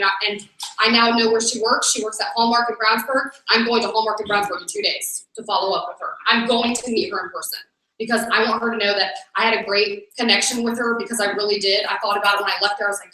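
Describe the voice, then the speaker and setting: A woman's voice: a little high, fast, slight background noise. A woman leading a team meeting, giving an upbeat motivational talk and speaking straight to the audience. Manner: upbeat, energetic, addresses the audience directly. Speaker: network marketing team leader. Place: meeting room. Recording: echoey room, mic from far off.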